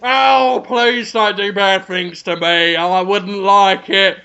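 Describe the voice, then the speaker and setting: A man voicing a frightened young woman, pleading in a high squeal. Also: fairly even intonation, slow, pushed and bright, clear, resonant tone, highs cut off, exaggerated voice.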